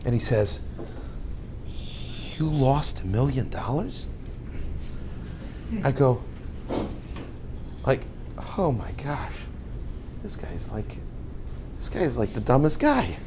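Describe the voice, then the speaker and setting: An older man, a rabbi and yeshiva head, giving a storytelling talk and acting out the dialogue with lively voices. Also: medium pitch, takes it slowly, pauses often, noisy background. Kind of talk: storytelling lecture.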